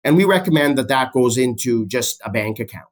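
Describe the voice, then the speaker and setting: A man, a business professor explaining his ideas as a podcast guest in a steady way, citing many figures. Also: mid-range voice, brisk. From Canada. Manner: steady, fact-heavy, cites statistics, repeats key phrases.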